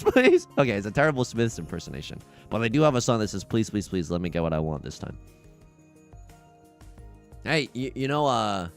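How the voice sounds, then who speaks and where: Young male streamer, jokey and animated, fairly high voice, casual live commentary. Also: vocal fry. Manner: playful, jokey, chatting with viewers. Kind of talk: casual livestream commentary while playing.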